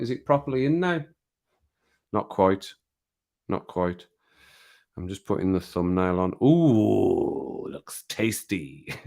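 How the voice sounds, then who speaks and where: A man's voice: on the low side, fairly bright tone. A man with a Midlands accent from England, rambling casually on a live stream, chuckling and poking fun at himself. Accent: Midlands English. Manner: rambling, chuckling, self-mocking.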